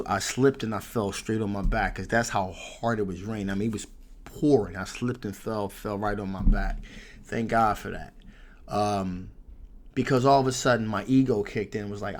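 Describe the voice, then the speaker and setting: Lower-voiced man telling a story. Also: gravelly. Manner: animated, profane, laughs through the story. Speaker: tarot reader and channel host. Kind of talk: casual storytelling to camera.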